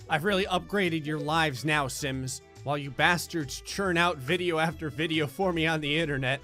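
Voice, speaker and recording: A man's voice: a little high, pushed and bright. A young man giving sarcastic, profane comedic commentary over gameplay. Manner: sarcastic, profane, mock-cruel humor with quick voiced asides. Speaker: gaming commentator. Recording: faint background music under voice.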